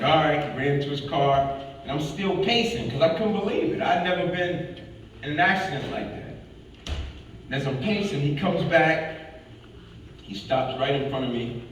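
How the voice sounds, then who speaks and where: A man's voice: mid-range voice, moderate pace, slight background noise. A man giving a motivational talk, telling a dramatic personal story and repeating phrases for rhythm. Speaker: motivational speaker. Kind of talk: storytelling speech to a live audience. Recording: echoey hall from far off.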